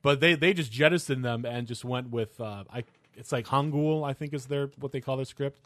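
A man's voice: mid-range voice, moderate pace, a bit bright, no echo. A man co-hosting a casual podcast chat, explaining at length with frequent restarts and hesitations.

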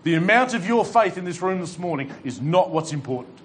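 A man preaches with fervent urgency to his congregation, slipping in wry jokes between his exhortations. His voice sits a little high for a man. A faint hiss of room noise runs underneath. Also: animated, a little fast. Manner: impassioned preaching with humorous asides. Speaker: pastor. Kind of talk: sermon. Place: church hall with congregation.

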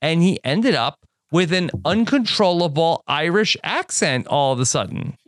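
A man's voice: a little high, expressive, normal speed, no echo, clean studio sound. A man co-hosting a podcast in casual chat, talking with frequent fillers and restarts. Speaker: podcast co-host.

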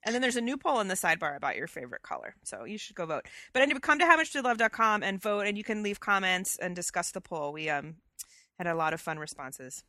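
Bright-voiced chatty woman podcaster. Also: mid-range voice, quick pace, dry recording, studio quality. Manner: chatty and animated, laughs easily, many fillers. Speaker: podcast co-host. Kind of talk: casual chat.

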